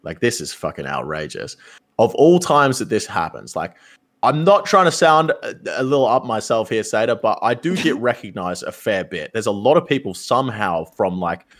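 A young man, a streamer telling a story in casual chat, animated and full of swearing. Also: mid-range voice, normal speed. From Australia. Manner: animated, swears a lot, acts out quoted voices.

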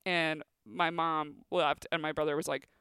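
Thirties woman rambling thru a story on a podcast, says like a lot, bright crisp voice. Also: low-pitched, level tone, unhurried, dry recording. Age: 30s. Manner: rambling, lots of filler "like". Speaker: comedian guest.

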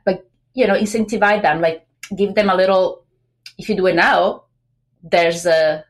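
A pregnant woman talking as a guest on a business podcast, chatty and lively, acting out quoted remarks between many fillers. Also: fairly low pitch, normal speed. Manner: animated, acts out quoted voices, many fillers. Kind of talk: casual interview talk.

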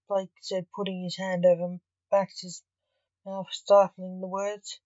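A woman narrating a fantasy storybook in an even reading voice. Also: on the low side, slow, dry recording. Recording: dull, dry lo-fi recording.

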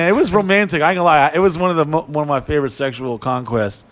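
A man's voice: on the high side, fast, gravelly, few pauses. A man on a podcast telling a long, crude, rambling story in casual chat, cursing often. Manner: profane, animated, rambling. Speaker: podcast co-host.

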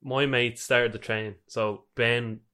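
A man's voice: mid-range voice, level tone, takes it slowly, pushed and bright. A young man co-hosting a football podcast, telling stories in a dry, rambling way. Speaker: podcast co-host. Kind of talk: casual football podcast chat.

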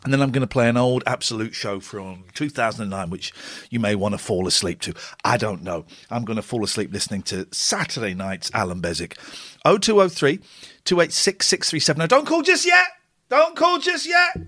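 A man's voice: fairly low pitch, expressive, fairly quick, a bit bright, slightly rough. A man in his forties hosting a late-night radio show alone from home, chatty, rambling and self-deprecating. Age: 40s. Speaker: radio host. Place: home, cold room.

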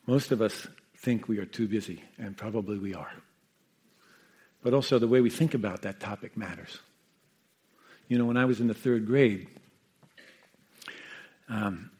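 A man, a meditation teacher who sat with the dying, gives an unhurried, reflective talk, often checking in with his listeners. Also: fairly low pitch, husky. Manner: gentle, unhurried, often asks "Yeah?" and "you know". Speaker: meditation teacher and hospice caregiver.

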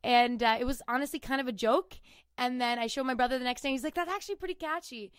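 A woman's voice: a little high, level tone, fast, clean tone, dry recording, studio quality. A young woman in her twenties from Canada, a singer-songwriter guest chatting in an interview, rambling with lots of fillers. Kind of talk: casual interview chat.

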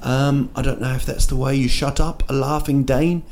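A man talks through a casual solo podcast in a gravelly, dark voice. He rambles from one joke to the next, full of fillers and false starts. There is a faint hum of room ambience behind him. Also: mid-range voice, steady tone, moderate pace. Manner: rambling, joking, with many restarts and fillers. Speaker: podcast host. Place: indoor room at night in a city.

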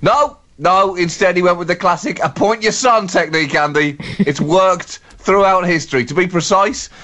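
A man co-hosting a comedy podcast, speaking in brisk, sardonic satirical banter and laughing at his own jokes. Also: high-pitched, pushed and bright.

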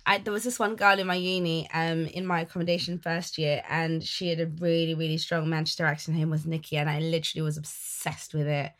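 A young woman from Essex with an Essex accent, co-hosting a casual chat podcast and teasing her friend with animated stories. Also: sits low, quick pace, few pauses. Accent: Essex English. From Essex, England. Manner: giggly, teasing, animated storyteller. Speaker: podcast co-host.

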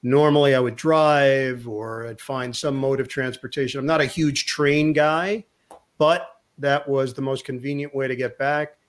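A middle-aged man and sports broadcaster, a guest telling a lively anecdote in an interview, acting out the lines of the people in his story. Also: medium pitch, unhurried. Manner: lively anecdote teller who acts out quotes.

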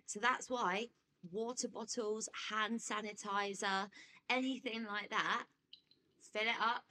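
A woman's voice: on the high side, pushed and bright. A woman in her thirties co-hosting a podcast, bantering jokily in casual chat. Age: 30s. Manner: joking, quick banter, laughs a lot. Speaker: podcast co-host.

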